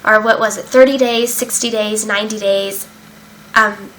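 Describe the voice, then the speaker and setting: A young woman vlogger shares her recovery story in a casual personal account, speaking candidly, emotionally and openly, with lots of fillers and some swearing. Her mid-range, fairly bright voice keeps a fairly even intonation at a moderate pace. The low-quality recording carries slight background noise.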